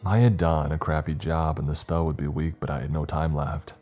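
A man narrating a scary story in the first person, steady and dramatic. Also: extremely low pitch, fairly quick, soft background music. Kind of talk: scripted horror story narration.

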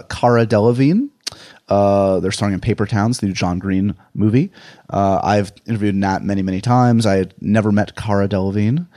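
Chatty low-voiced New York man. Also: a little mellow, no room sound, studio quality. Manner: rambling, self-deprecating, chatty. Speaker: podcast host. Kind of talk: casual podcast monologue.

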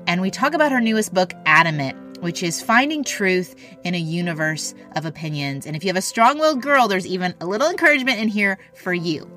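A woman's voice: fairly low pitch, expressive, a little fast, hardly any pauses, fairly bright tone, soft background music. A woman hosting a podcast, talking in a chatty, encouraging way. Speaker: podcast host. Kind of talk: casual podcast chat and read ad.

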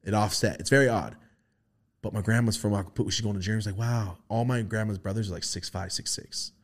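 A man telling a long family story in casual podcast chat, profane and animated, putting on the voices of his relatives. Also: fairly low pitch, fast talker. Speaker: podcast host.

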